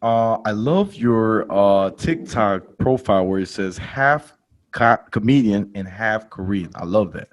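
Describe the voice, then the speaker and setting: A male podcast host telling a comic story in casual slangy talk, laughing along and jumping to loud exclaims when he quotes himself. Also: lowish voice, unhurried. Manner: animated, jumps to loud exclaims in quoted lines.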